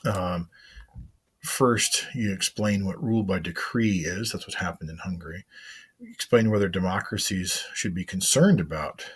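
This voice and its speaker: A man with a very low, husky voice talks students through their assignments as a teacher. He is casual and meandering, narrating each click on his screen and pausing with fillers as he goes. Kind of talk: recorded screen-share lesson overview.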